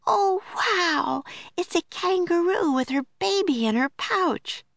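A woman reading aloud and voicing an excited young girl in a storybook, high and breathless. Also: slow, gravelly, no echo, heavily acted. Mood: amazed.

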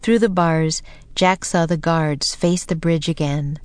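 A woman narrating a children's storybook in a calm, measured way, slowing for suspense. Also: low-pitched, clean tone, no room sound. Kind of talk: storybook reading.

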